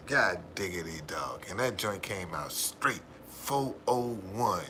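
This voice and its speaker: Slow, expressive, and forceful, a deep bright voice belongs to an American man hosting a livestream. He rambles through a story to viewers, repeating words and often breaking into hearty laughter, over a faint hiss or hum.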